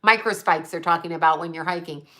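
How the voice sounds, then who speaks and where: A woman's voice: on the low side, fast, sharp tone. A middle-aged woman chatting casually and rambling through a story, digressing often, laughing and swearing.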